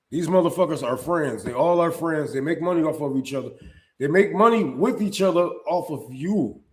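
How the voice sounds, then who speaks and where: A man's voice: a little high, animated, moderate pace, a little mellow, roomy sound. A man hosting a live-stream commentary, talking in a profane, heated and blunt way and often restarting his sentences.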